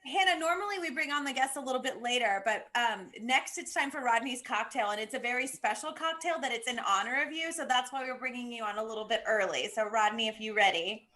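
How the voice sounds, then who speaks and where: High bright woman tossing out quips. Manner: teasing, quick quips. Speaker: co-host. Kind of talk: casual live-stream chat.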